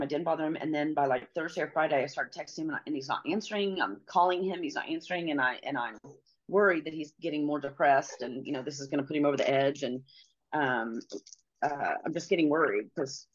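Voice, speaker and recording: A middle-aged woman telling a personal story as an interview guest, halting and pausing, often restarting her sentences. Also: low-pitched. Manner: halting, with many pauses and restarts. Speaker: podcast guest. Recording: slightly dull lo-fi audio.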